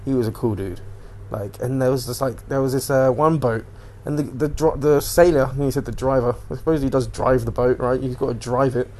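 A man's voice: mid-range voice, fairly even intonation, brisk, hardly any pauses, a little mellow. A man hosting a casual solo podcast, rambling and swearing as he animatedly retells what he watched on TV. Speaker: podcast host.

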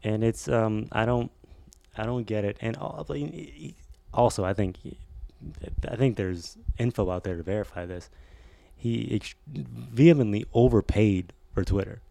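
A man co-hosting a casual podcast chat in a low, gravelly, dark-toned voice. He rambles and restarts his sentences often, and the sound is dry and close. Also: moderate pace, no echo. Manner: rambling, hesitant, many restarts. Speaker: podcast co-host.

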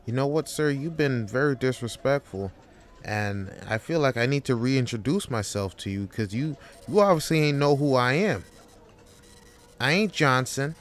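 A man's voice: medium pitch, a bit bright. A man voicing an overworked male office clerk who pleads with his boss and then turns profane and combative. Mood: furious.

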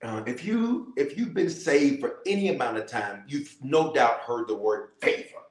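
A middle-aged bishop leading a livestreamed prayer, repeating phrases and calling on viewers to respond. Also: male voice, medium pitch, normal speed. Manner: animated preacher, repeats phrases, calls for responses. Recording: roomy echo.

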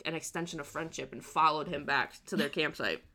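A woman's voice: low voice, fairly quick, bright, forceful tone. A woman casually telling a true crime story, swearing freely and laughing often.

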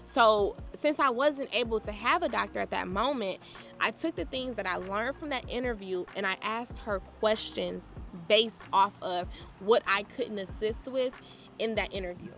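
A woman podcast host telling stories in a casual, animated way, laughing and acting out conversations. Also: medium pitch, normal speed. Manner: animated, laughing, acts out quoted exchanges. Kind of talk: casual storytelling monologue.

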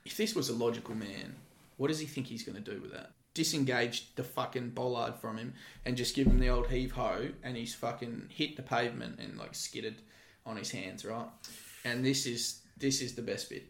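Gravelly swearing storyteller man. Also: mid-range voice, moderate pace, roomy sound. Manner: swears freely, animated storyteller. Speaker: guest, former security guard. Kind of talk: casual podcast chat.

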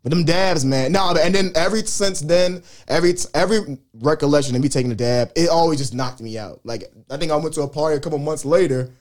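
A young man in his twenties, co-hosting a podcast and telling animated, profane stories. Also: a little high, quick pace, hardly any pauses. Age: 20s. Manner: animated, profane storytelling with loud quoted outbursts. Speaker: podcast co-host. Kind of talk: casual storytelling chat.

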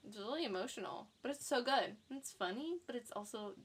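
A woman's voice: fairly high pitch, animated, fast, breathy edge. A woman co-hosting a podcast, chatting about movies and admitting which films made her cry. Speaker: podcast co-host. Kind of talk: casual chat about movies.

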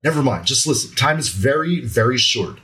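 A man's voice: mid-range voice, expressive, normal speed, pushed and bright, low-quality recording. A stern, older gunslinger gives curt orders, as a man reads him aloud. His delivery is commanding and clipped. The voice sits in a middle register.

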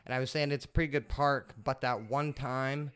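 A man's voice: medium pitch, little pitch movement, moderate pace, a bit bright, clear, resonant tone, no room sound. A man hosting a homemade podcast, telling a casual story in a rambling way, full of fillers and swearing. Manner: rambling, heavy swearing, lots of filler words. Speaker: podcast host.

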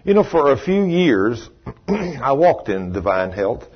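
A man's voice: mid-range voice, big pitch swings, slow, breathy edge, dull audio. A man preaching a storytelling sermon in a conversational way, full of "you know".

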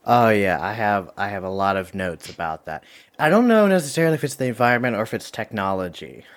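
A man's voice: on the low side, big pitch swings. A man hosting a movie review game, talking casually and rambling with many fillers. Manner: rambling, lots of fillers and quick asides. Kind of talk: casual chat.

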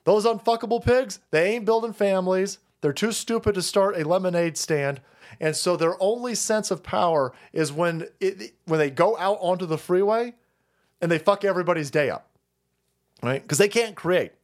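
A man's voice: high-pitched, brisk. A man hosting a live stream, giving heated, profane and mocking commentary with frequent laughs. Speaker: streamer host.

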